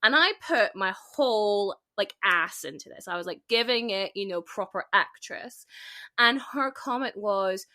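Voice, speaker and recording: A woman's voice: medium pitch, animated, unhurried, sharp tone. A woman with a light Scottish accent hosting a casual podcast chat, chatty with lots of fillers and frequent laughs. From Scotland. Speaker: podcast host. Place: home.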